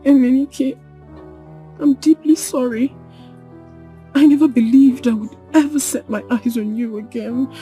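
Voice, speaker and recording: A woman's voice: high-pitched, fairly even intonation, dark tone, faint music behind. A tearful, remorseful young woman. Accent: Nigerian English. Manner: pleading, halting. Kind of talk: Nollywood film acting.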